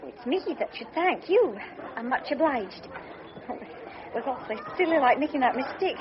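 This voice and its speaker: Very high-voiced scottish girl, fussy and flustered, lively lilt, muffled old radio play with chatter behind. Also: moderate pace. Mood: insistent. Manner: fussy, flustered, primly polite. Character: naive young Scottish woman traveling alone, polite and proud. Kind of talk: 1940s radio drama acting. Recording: muffled old radio recording, noisy background.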